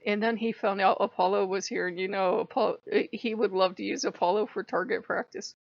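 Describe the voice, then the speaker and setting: A woman's voice: mid-range voice, fairly even intonation, a little fast, vocal fry, few pauses, dry recording. A woman hosting her own spiritual vlog, talking in a rambling, profane way and laughing often. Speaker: spiritual channel host. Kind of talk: casual vlog monologue. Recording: dull lo-fi, dry.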